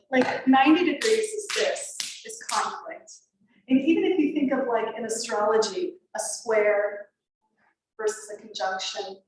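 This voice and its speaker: A woman's voice: medium pitch, a little hiss or hum. A woman yoga teacher leading a beginner workshop, chatty and rambling with fillers and laughs. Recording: very echoey room, distant mic.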